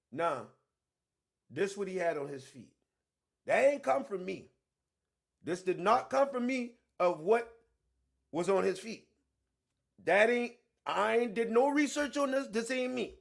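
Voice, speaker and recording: A man hosting a casual livestream, talking with emphasis and profanity and repeating himself to drive points home, moving between low mutters and loud outbursts. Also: gravelly. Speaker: online show host.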